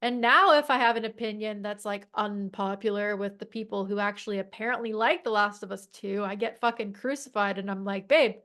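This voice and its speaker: A woman's voice: mid-range voice, fairly even intonation, fairly quick, few pauses, a bit bright. A woman guest in a casual chat, talking emphatically with many fillers and some swearing.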